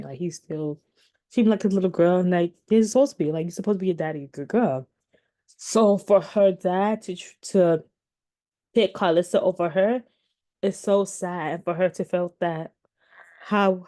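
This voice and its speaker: A woman in her thirties, working as a commentary vlogger, speaks to viewers in a warm voice of fairly low pitch. Her casual talk meanders with many restarts and fillers.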